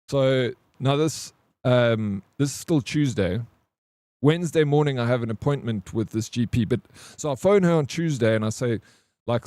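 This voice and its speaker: A man's voice: medium pitch, a little mellow, no room sound. A man livestreaming, telling a story in a loose, slangy way, swearing and saying "bro" often while he greets his chat.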